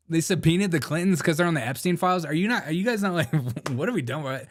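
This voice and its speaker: A man's voice: fairly high pitch, big pitch swings, quick pace, hardly any pauses. Laughing, slangy male stream host. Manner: laughs often, slangy and mocking. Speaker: live-stream show host. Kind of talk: casual live-stream commentary.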